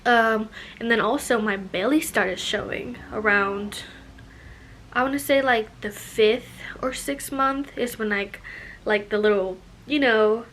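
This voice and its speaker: A woman's voice: a little high, a little slow, fairly bright tone, slight background noise. Chatty young woman, slightly breathless. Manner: chatty, lots of "like" and "you know". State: a little out of breath. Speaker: vlogger. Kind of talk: casual pregnancy update vlog.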